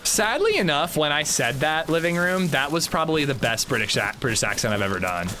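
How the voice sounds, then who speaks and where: A man's voice: a little high, big pitch swings, a little fast, background noise. An American man streaming a game, chatting and joking as he answers his chat. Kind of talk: casual gaming livestream chat.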